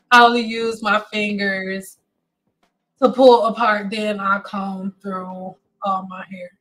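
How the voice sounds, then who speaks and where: A woman's voice: mid-range voice, flat delivery, takes it slowly, long pauses, fairly bright tone, low-quality recording. A woman hairstylist from Detroit, talking blunt and intense in a joking livestream chat. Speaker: hairstylist host.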